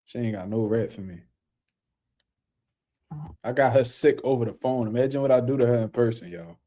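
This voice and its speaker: A man's voice: mid-range voice, moderate pace, dark tone. A man hosting a casual boxing livestream, talking loosely in slang and speaking to viewers in the chat.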